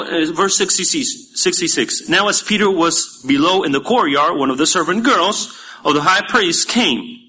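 Pastor guy, bright edgy voice, kinda high, preaching with lots of ups and downs, faint hum behind. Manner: animated, emphatic preaching that drops to quiet asides. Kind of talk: sermon. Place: church.

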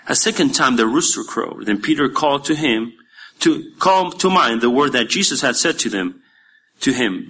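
A man's voice: mid-range voice, measured pace, slight background noise. Man preaching a sermon. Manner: animated, emphatic preaching that drops to quiet asides. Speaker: pastor. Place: church.

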